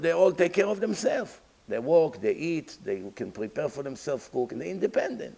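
A man's voice: a little high, big pitch swings, moderate pace, vocal fry, few pauses, dark tone, poor audio. A man, a rabbi giving a Torah lecture, emphatic and full of rhetorical questions, acting out imagined dialogues.

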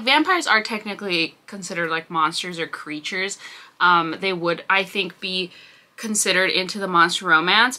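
Bright-voiced woman gushing about books. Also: mid-range voice. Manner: gushing, swears a lot, fillers like "like". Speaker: book vlogger. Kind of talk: casual reading vlog chat.

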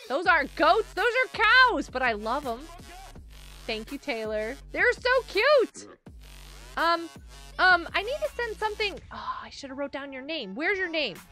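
A woman with a very high, bright voice that leaps up and down as she chats through a live game stream. She talks at an unhurried pace, gushing and giggling as she thanks viewers. Faint game music plays behind her. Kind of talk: casual live gaming stream chat.

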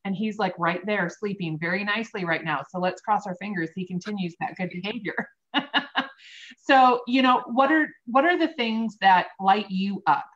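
A woman's voice: mid-range voice, normal speed, highs cut off. A woman host coaching real estate agents in a friendly, direct way on a video call. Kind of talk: casual interview chat.

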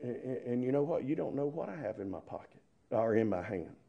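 A man's voice: medium pitch, expressive, fairly quick, vocal fry, warm tone, breathy edge, dull audio. A man preaching a sermon, emphatic and full of rhetorical questions.

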